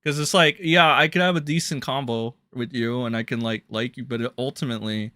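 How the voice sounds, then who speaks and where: A man's voice: mid-range voice, steady tone, brisk, no room sound, studio quality. A young man ranting bluntly and crudely as a drama commentary streamer on a livestream. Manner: blunt, crude, ranting with sudden loud jumps.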